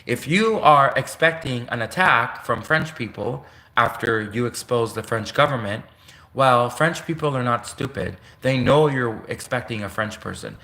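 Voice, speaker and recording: A man's voice: mid-range voice, pushed and bright, echoey room. A man from Canada talking in a rambling, meandering casual monologue, full of restarts and asides, seated at home. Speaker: vlogger. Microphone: home desk setup, seated in chair.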